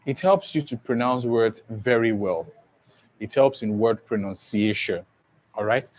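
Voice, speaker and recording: A man's voice: lowish voice, unhurried. A man giving an exam-prep lesson who keeps asking the class questions and repeating key points. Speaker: teacher.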